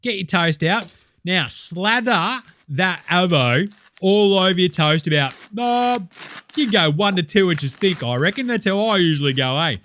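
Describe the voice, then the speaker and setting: Bloke doing a hammy aussie cooking show host, sweary and brash, bright punchy voice. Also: male voice, sits high, animated, a little slow, slight background noise. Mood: boisterous. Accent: Australian. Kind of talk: comedy sketch parody.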